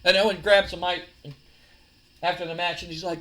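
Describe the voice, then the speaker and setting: A man casually narrating a wrestling sim game, excited and storytelling. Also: high voice, a little fast, pauses often. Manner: excited, storytelling, filler-heavy. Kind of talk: casual let's-play narration.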